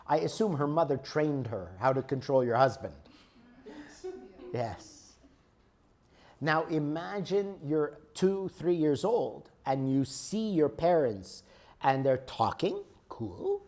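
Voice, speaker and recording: A man's voice: a little high, big pitch swings, takes it slowly, a little mellow. Guy lecturing a class on emotions, explains stuff with everyday examples, keeps asking okay?. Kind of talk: spiritual teaching lecture.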